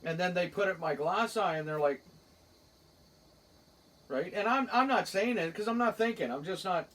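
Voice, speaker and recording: A man's voice: high-pitched, moderate pace, a bit bright, recorded from a distance, poor audio. A man with a Cape Breton accent, co-hosting a podcast. He tells rambling stories in casual chat and laughs through them. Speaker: podcast co-host. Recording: a bit off-mic, faint background hiss.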